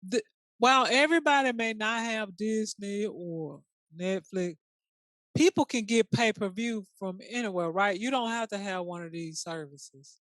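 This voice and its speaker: A podcast co-host chatting casually in a sassy, colloquial way, quick to react. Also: medium pitch, fairly bright tone, no room sound. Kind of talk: casual chat.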